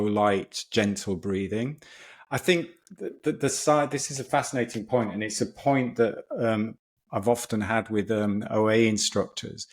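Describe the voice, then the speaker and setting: Man explaining breathwork with enthusiasm. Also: on the low side. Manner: enthusiastic, explanatory, with frequent restarts. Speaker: breathwork coach guest. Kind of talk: conversational podcast explanation.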